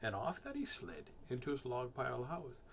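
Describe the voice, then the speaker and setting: A middle-aged man hosting a nightly livestream, reading a picture book aloud and chatting in an animated, playful way. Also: mid-range voice, moderate pace, gravelly.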